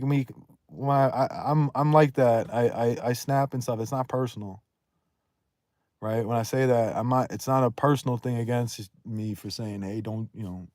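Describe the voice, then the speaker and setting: A man talking casually on a livestream, blunt and profane, rambling and quick to raise his voice. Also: mid-range voice, a little mellow, no room sound, clean studio sound. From Northeast United States.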